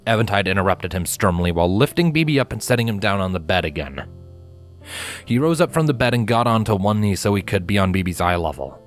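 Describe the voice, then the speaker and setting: A man reading fanfiction aloud in an expressive storytelling manner. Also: lowish voice, fast talker. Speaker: fanfiction reader. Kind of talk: audiobook narration. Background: faint guitar music.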